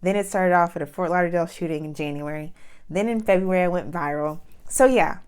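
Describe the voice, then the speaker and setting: A young woman vlogger tells a personal story in a casual, chatty way. Her voice sits a little low for a woman, and she acts out other people's lines with lots of "like" fillers. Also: brisk, clear, resonant tone. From New York. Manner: animated, with many "like" fillers and acted-out quotes.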